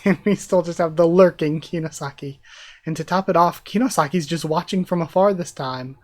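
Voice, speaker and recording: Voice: mid-range voice, normal speed, darkish tone. Laughing manga reader at a close mic. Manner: reads character dialogue in a near-normal voice, breaks into laughter. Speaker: manga readthrough host. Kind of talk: reading a manga aloud with commentary.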